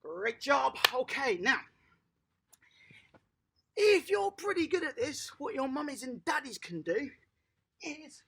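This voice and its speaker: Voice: sits high, big pitch swings, takes it slowly, long pauses, pushed and bright. An upbeat adult tennis coach, running an online class for small children and cheering them on by name.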